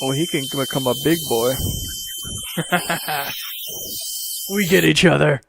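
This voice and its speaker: A man's voice: on the high side, slow pace, creaky, background noise. A man with a Southern US accent chatting casually while reacting live to horror videos and reading their text aloud. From Mississippi. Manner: chatty, laughs often, reads on-screen text aloud.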